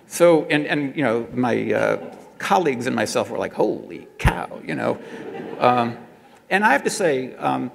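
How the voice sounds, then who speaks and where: Gravelly man telling a story in a hall. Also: mid-range voice. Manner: chatty storyteller with frequent fillers and restarts. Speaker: speaker recounting advertising work. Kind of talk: anecdotal talk to an audience.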